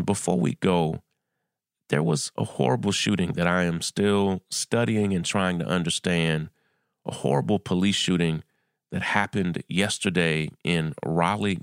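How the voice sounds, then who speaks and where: Middle-aged male podcast host: deep, gravelly, earnest news commentary in a dry booth. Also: no echo. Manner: earnest, urgent, pauses and restarts.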